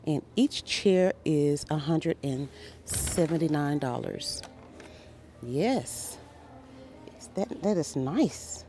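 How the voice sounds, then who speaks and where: A woman with a lowish, warm voice tours a big furniture store with her phone and gushes over every piece. Her pitch swings widely as she exclaims, and faint store music plays in the background. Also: lively intonation, slow pace, slight background noise. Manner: gushing, enthusiastic, exclaims often. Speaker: shopping vlogger. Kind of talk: casual store walkthrough vlog. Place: large furniture store, indoors.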